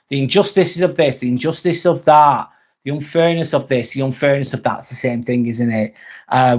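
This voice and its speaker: English man hosting a reflective live talk. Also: on the high side. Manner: repetitive, casual with swearing. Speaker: livestream host. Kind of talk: reflective motivational livestream talk.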